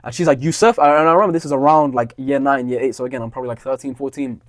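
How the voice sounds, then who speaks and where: A man's voice: medium pitch, fairly even intonation, racing, no room sound, studio quality. A young adult man, telling a profane, heated story in a blunt monologue. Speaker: vlogger.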